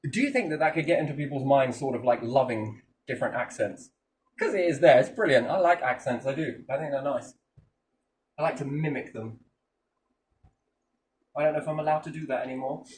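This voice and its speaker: A man's voice: medium pitch, fairly quick, long pauses, a little mellow, recorded from a distance. A man chatting casually and animatedly, jumping between topics and swearing freely. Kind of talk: rambling casual chat.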